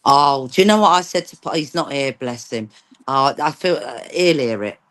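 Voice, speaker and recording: A woman's voice: rumbling low, animated, normal speed, fairly bright tone. A woman hosting a casual live stream chat, chatty and exclamatory, teasing her guests.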